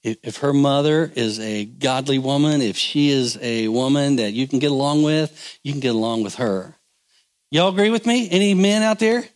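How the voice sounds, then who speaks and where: A man's voice: mid-range voice, animated, normal speed. A male pastor giving a folksy, conversational sermon on marriage, asking the congregation for responses.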